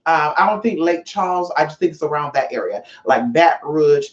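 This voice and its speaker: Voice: medium pitch, brisk. A sassy, profane spiritual vlogger chatting casually straight to viewers and calling them y'all. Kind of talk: casual vlog monologue. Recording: roomy, slightly dull sound.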